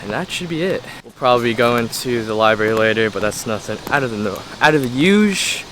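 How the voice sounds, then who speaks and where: A young college guy talks straight to a handheld camera as he goes about his day, casual and full of slang. His voice sits at an ordinary middle pitch. Steady street and room noise runs clearly behind him. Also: fast. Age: young adult. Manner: chatty, laid-back, slangy. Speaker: college student vlogger. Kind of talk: casual vlog narration. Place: around a college campus, indoors and out.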